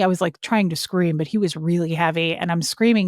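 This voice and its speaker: A woman's voice: lowish voice, fairly even intonation, normal speed, no echo, studio quality. A woman guest telling a personal story in a casual, earnest way, full of "like" fillers. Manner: earnest and emotional when recounting. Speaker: podcast guest.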